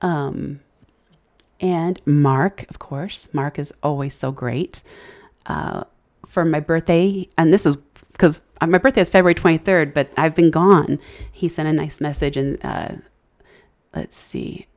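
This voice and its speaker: A woman hosting a casual live stream, halting and searching for words, thanking viewers as she reads the chat. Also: low voice, a little mellow. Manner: halting, many fillers and restarts, searching for words; grateful, effusive thanks to viewers. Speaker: livestream host.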